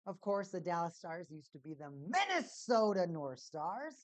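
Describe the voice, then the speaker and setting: A woman hosting a casual live stream at home, chatty and repeating her catchphrases in excited bursts. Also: fairly low pitch, normal speed, no echo.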